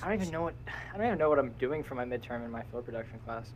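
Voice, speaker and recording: A man's voice: mid-range voice, lively intonation, rapid-fire, a little hiss or hum, poor audio. A young man co-hosting a casual podcast, rambling and cutting himself off, laughing often. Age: young adult. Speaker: podcast co-host. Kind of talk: casual chat.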